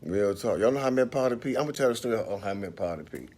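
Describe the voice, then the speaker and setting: Profane, animated man telling stories. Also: lowish voice, racing. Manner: profane, animated, laughs often. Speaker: rapper hosting a livestream. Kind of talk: casual storytelling livestream. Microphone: phone livestream.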